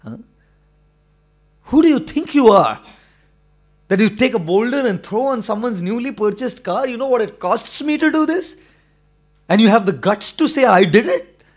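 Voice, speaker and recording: A man acting out a furious driver who confronts a boy over his damaged car, shouting and accusing. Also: very high voice, lively intonation, drawn-out words, hardly any pauses, pitched above the performer's own voice, full character voice. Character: furious man whose new car was hit.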